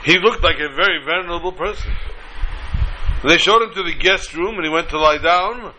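A man telling a folk story aloud, halting now and then with fillers and restarts. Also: high voice, sharp tone, slight background noise, rough recording. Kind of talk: oral storytelling.

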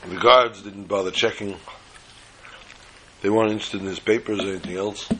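A man's voice: fairly low pitch, fairly even intonation, a little fast, fairly bright tone, breathy edge, low-quality recording. A man dramatically telling a religious story, building it with repetition.

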